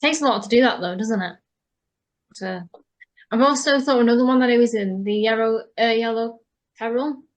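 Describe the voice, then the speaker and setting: A woman's voice: fairly high pitch, normal speed, long pauses. A woman co-hosting a podcast, chatting casually and chiming in with short agreements. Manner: brief agreeing interjections. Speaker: podcast co-host. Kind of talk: casual chat.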